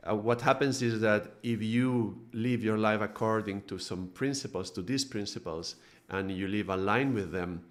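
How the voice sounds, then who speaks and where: A man from Spain, giving a calm live-streamed spiritual talk as a meditation teacher, with frequent hesitations. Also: fairly low pitch.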